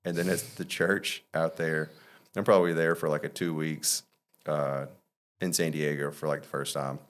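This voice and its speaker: A man's voice: a bass voice, level tone, moderate pace. A man from Mississippi, a podcast guest telling stories in a loose, rambling way full of fillers and restarts. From Mississippi, USA. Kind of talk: casual storytelling.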